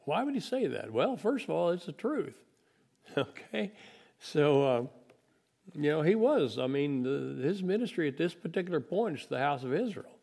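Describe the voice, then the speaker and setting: Gravelly-voiced man preaching a folksy sermon. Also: on the high side, very animated, normal speed, darkish tone. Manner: conversational, folksy, acts out voices of disciples. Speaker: preacher teaching a Bible lesson.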